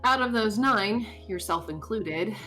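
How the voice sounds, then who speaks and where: A woman voicing a sardonic young female barista, reading game dialogue aloud in a dry, deadpan way. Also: medium pitch, a little slow, faint music behind.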